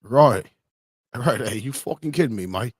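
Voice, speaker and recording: A man's voice: mid-range voice, animated, moderate pace, slightly rough, dry recording, clean studio sound. A man doing an exaggerated, mocking impression of a crude British bloke with a put-on British accent.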